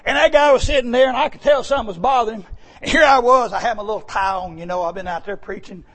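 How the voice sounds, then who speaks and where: A male preacher telling a story in a folksy sermon, swinging between hushed tones and shouts. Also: very high-pitched, quick pace.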